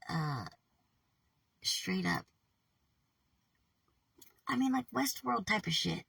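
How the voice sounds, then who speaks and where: A woman talking to camera in a rambling, halting personal monologue, swearing often, trailing off mid-thought and sometimes dropping to a whisper. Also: mid-range voice, big pitch swings, creaky, fairly bright tone, slightly rough, no echo, distant mic. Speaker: vlogger.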